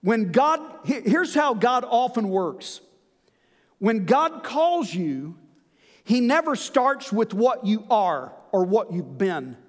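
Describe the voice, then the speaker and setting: A male pastor preaching a sermon in an earnest manner, slowing down to stress key lines. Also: sits high, very animated, in a large hall.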